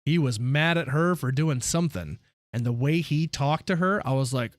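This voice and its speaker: A man streaming live, telling stories in a casual, profane, animated way. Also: medium pitch, normal speed, no echo.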